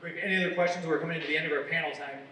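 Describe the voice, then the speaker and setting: A man's voice: fairly high pitch, steady tone, very fast, bright, forceful tone, a little hiss or hum. A man moderating a convention panel, asking the guest questions in a friendly way. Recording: echoey hall recorded from far off.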